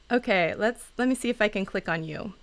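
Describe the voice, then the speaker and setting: A woman chatting casually on a livestream, giving channel advice in a bubbly, talkative way and laughing often. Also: mid-range voice. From Seattle area.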